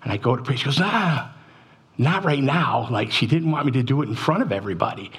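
A middle-aged man giving a sermon testimony, telling his story with emotion and sinking low and quiet at the sad moments. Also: expressive, rapid-fire, husky. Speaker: church speaker.

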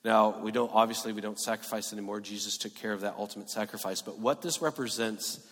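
A man preaching a sermon in a church hall, earnest, moving between emphatic and hushed delivery. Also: fairly low pitch, fairly even intonation, fast talker. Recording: echoey hall reverb.

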